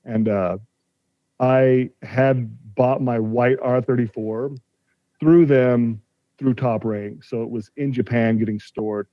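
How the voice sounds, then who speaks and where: A man's voice: medium pitch, steady tone, slow pace, dry recording. Guy in his 40s, retelling a car shop feud, quotes everyone, dry kinda dull sound. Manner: retells a dispute, acting out quoted exchanges. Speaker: podcast guest, car collector. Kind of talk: casual storytelling.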